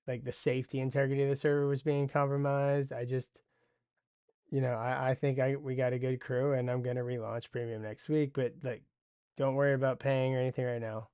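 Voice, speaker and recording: A man's voice: medium pitch, mellow, clean tone, dry recording, studio quality. A man hosting a casual livestream market recap, rambling in loose slang with frequent swearing and restarts. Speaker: stock trading show host.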